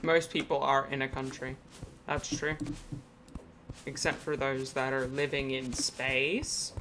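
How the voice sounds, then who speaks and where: A streamer chatting casually while playing a game, joking in a deadpan way. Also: medium pitch, slow pace, over music. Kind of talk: casual gaming stream chat.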